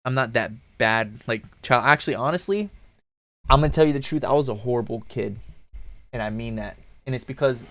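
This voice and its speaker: A man in his thirties chats casually on a livestream, rambling along in slang and profanity. His voice sits at an ordinary middle pitch and sounds close and dry, with almost no room around it. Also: a bit bright, no room sound. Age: 30s. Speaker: livestream host.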